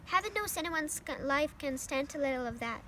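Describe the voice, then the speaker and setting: A wise, gentle female spider from a storybook, speaking softly and steadily, as a young woman reads her part. The voice sits high. A clear hiss of background noise runs under the reading. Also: expressive, a little fast. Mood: tender.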